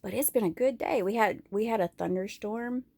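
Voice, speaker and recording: A woman's voice: medium pitch, moderate pace, creaky, a little mellow. A woman vlogging from home, rambling candidly and crudely and laughing often as she talks. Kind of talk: casual rambling monologue.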